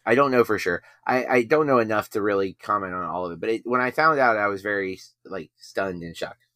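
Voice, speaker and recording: A man's voice: on the low side, a little fast, a bit bright, no room sound, studio quality. A man hosting a podcast in casual chat, rambling and self-deprecating. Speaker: podcast host.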